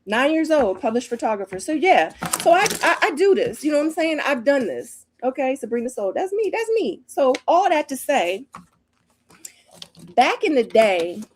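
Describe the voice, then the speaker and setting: A woman's voice: sits high, sing-song, normal speed, noisy background. Sassy woman chatting to her viewers. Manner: sassy and emphatic, keeps adding "okay?" and "honey". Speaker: former model recapping a reality show. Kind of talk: casual recap chat to viewers.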